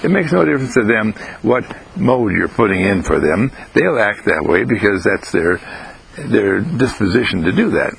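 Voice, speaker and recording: A man giving an inspirational self-help monologue, gentle and sing-song, repeating phrases with rising pitch. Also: big pitch swings, moderate pace, vocal fry, a little hiss or hum, poor audio.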